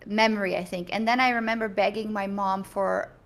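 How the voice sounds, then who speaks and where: A young woman from Belgium, a guest in a casual interview, talking in a chatty, animated way and laughing often. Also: mid-range voice, fairly quick.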